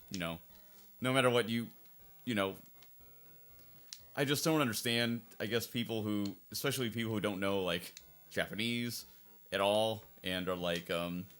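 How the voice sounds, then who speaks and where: A man's voice: sits low, fairly bright tone. A man casually commentating over a game playthrough as its fan translator, rambling and circling back on his points. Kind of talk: casual let's-play commentary.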